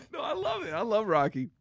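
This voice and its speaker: A man's voice: high-pitched, fairly bright tone, no room sound. A man co-hosting a casual chat show, teasing his partner and laughing often. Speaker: podcast co-host.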